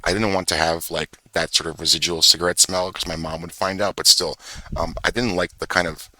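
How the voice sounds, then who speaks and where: A man's voice: sits low, steady tone, a little fast, bright, forceful tone, no echo, low-quality recording. A young man telling a rambling, profane story in casual chat, full of fillers and self-corrections. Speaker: vlogger. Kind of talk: rambling casual storytelling while screen-sharing.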